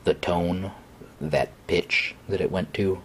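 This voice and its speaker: A man narrating a first-person horror story in a hesitant, conversational way, with fillers and pauses. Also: sits low, fairly even intonation, slight background noise.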